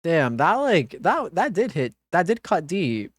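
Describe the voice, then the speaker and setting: A woman's voice: on the low side, big pitch swings, a little slow, dry recording, studio quality. A woman streamer giving live gaming commentary, reading dialogue choices aloud and swearing in dismay.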